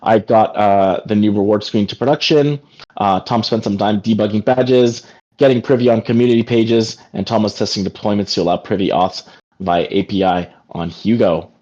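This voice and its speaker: Hosting an informal work meeting by video call, a man speaks at a moderate pace in a lowish, mellow voice with a steady tone. His talk rambles, packed with fillers and frequent "like"s, and the call audio is dull and lo-fi.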